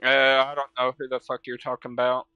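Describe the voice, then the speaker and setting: A young man streaming a game, telling stories in casual, profane slang, breaking into loud quoted voices. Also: mid-range voice, monotone, a little fast, clean tone, dry recording, highs cut off. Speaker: gaming streamer. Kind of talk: casual storytelling while playing.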